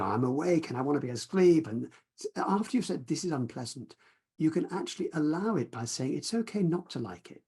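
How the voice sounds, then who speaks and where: Male meditation teacher, soft and reflective, slightly breathy mellow tone, video-call sound. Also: medium pitch. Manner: gentle, reflective, unhurried. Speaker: mindfulness teacher. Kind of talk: teaching talk with guided practice.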